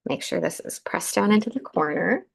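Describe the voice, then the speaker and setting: A woman's voice: lowish voice, expressive, normal speed, creaky, husky. A woman hosting a live crafting demonstration, chatting through each step as she works, with a groggy morning voice. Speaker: craft show host.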